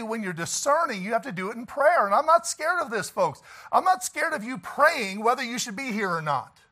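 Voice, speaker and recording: A man's voice: high voice, bright, forceful tone. A man pastor preaching a sermon in an emphatic, folksy way, often laughing and asking the congregation "Amen?".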